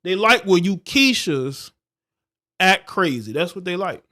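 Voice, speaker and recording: A man's voice: high-pitched, big pitch swings, measured pace, pushed and bright. A male livestream host who reads a news story aloud and breaks off into scornful, insulting, preachy commentary. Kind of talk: reading news and ranting commentary.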